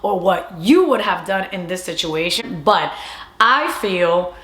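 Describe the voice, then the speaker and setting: Chatty woman telling a story. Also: fairly low pitch. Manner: animated, quick retelling with quoted dialogue. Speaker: vlogger. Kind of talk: casual storytime monologue. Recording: echoey room.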